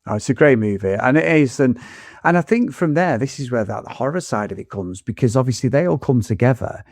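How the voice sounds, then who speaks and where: Casting note: podcast host, gravelly, dark low voice, dry close sound. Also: male voice, fairly quick, no echo. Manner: animated, swears a lot, acts out film lines. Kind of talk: casual film review chat.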